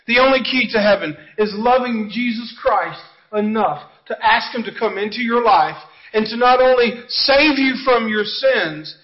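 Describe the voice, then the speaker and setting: High-pitched guy preaching, chatty and earnest, kinda muffled lo-fi audio. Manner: earnest, conversational preaching with repeated asides. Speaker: pastor. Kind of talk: sermon.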